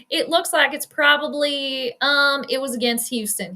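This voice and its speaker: A woman chatting casually on a live stream, giving an astrology prediction and reacting to a football game as it plays, with quick asides and self-deprecating jokes. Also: high voice, bright, forceful tone. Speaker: sports astrology streamer and commentator.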